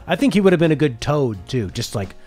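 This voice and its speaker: A man's voice: a little high, sing-song, a little fast, a little mellow, faint music behind. A man streaming a casual reaction chat, talking things over and reading viewer comments aloud before answering them. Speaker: streamer reacting to a game showcase.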